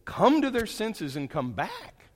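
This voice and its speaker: Male pastor, conversational sermon storyteller, lively delivery, roomy reverberant hall. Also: sits high, measured pace, husky. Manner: conversational, animated storytelling with asides.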